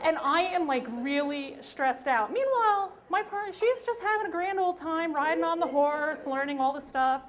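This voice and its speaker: Woman from New York, high voice, story slam teller, emphatic and self-mocking. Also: expressive, normal speed, hardly any pauses. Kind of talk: live story slam telling. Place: stage at a live storytelling event.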